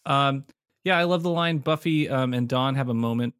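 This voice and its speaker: A man's voice: mid-range voice, normal speed, a bit bright, smooth, no echo. A man chats on a podcast with an enthusiastic, laughing delivery. His voice sounds dry and close, with no room around it. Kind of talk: casual chat.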